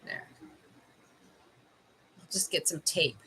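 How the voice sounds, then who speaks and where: A woman's voice: deep voice, huge pitch swings, extremely slow, vocal fry, pushed and bright, a little hiss or hum, low-quality recording. A middle-aged woman from Canada doing a casual livestream as a life coach, chatting with viewers while tasting candies and giving advice.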